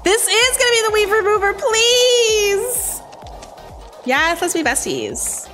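Bubbly woman gaming host, high-pitched, chatty with her viewers, gasps at the action. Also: brisk, music in the background. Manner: bubbly, greets and thanks chat nonstop, excited gasps. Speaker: live-stream gamer host. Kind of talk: casual live-stream chat while gaming.

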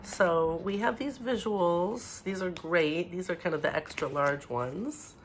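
A woman teaching preschoolers from home, talking gently and encouragingly and mixing in Spanish words. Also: fairly low pitch, unhurried, a little hiss or hum. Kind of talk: home video lesson for young children.

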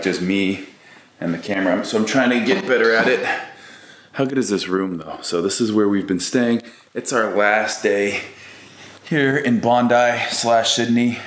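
A man giving a casual, rambling vlog tour of a house, talking into a handheld camera in a slangy, laid-back way. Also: lowish voice. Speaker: fitness vlogger. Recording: echoey room, faint background noise.

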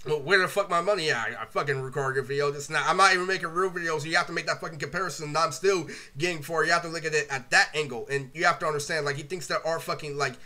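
Young man, high voice, very sharp and tense tone, casual vlog rant, rambling, constant swearing, filler words. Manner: animated, breaks into laughter and quoted impressions. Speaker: vlogger. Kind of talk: casual profane storytelling rant.

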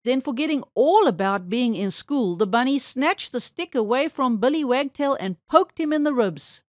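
A woman reading a children's storybook aloud with expressive, animated storytelling. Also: high voice, moderate pace, no room sound, clean studio sound.

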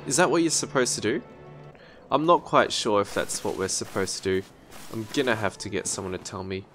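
A man giving excitable gameplay commentary, yelping and swearing as he plays. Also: lowish voice, fairly quick, faint music behind. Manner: excitable, yelps and swears at the game. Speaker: let's-play gamer.

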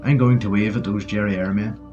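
A man's voice: on the low side, steady tone, brisk, muffled recording, music in the background, close to an everyday voice. A man voicing a cocky, joking young British soldier as he reads the story aloud. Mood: jaunty. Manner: breezy and joking.

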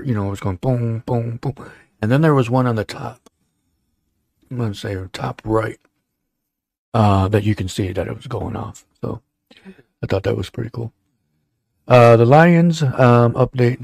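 Gravelly man hosting a casual live show. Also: medium pitch, a little mellow, no echo, clean studio sound. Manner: rambling, joking, many fillers. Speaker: show host. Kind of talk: casual livestream chat.

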